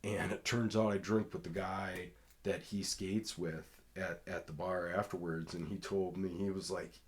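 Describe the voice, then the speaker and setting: A man hosting a podcast, telling rambling, profane stories in casual talk and loudly acting out what others said. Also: sits low, fairly even intonation, a little slow. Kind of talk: casual storytelling.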